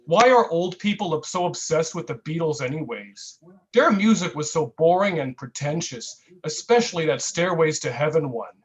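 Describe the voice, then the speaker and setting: A man at an online open mic, reading a comic piece in a mock-earnest, satirical way and drawing out his deadpan asides. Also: on the high side, moderate pace, muffled recording. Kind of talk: comic spoken-word reading.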